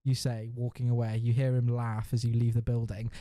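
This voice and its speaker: A man's voice: medium pitch, a little fast, few pauses, dark tone, no room sound, clean studio sound. A man hosting a casual podcast who reads a generated adventure story aloud, laughing and swearing freely as he goes. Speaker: podcast host.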